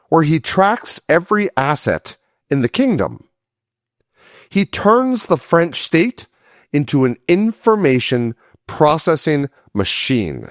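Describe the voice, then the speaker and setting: A man's voice: fairly high pitch, dry recording, clean studio sound. A man narrating a history series in a scripted but conversational way, with casual asides.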